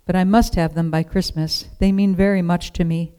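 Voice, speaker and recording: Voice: mid-range voice, fairly even intonation, normal speed, warm tone, clear, resonant tone, close to an everyday voice. A reader voicing a polite, earnest widow and mother in a storybook reading.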